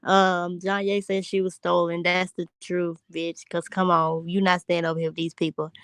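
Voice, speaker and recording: A woman's voice: lowish voice, a bit bright, clear, resonant tone, dry recording. A young woman hosting a casual livestream, reading viewer comments aloud in a brash, profane, joking way. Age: young adult. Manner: brash, profane, laughing, talks straight to chat. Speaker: livestream host.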